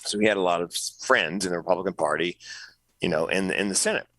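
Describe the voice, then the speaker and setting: A middle-aged man, a comedian, telling an animated story as a podcast guest, jumping up in pitch when he quotes people. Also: quick pace, dry recording, rough recording. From North Carolina, US. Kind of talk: storytelling interview.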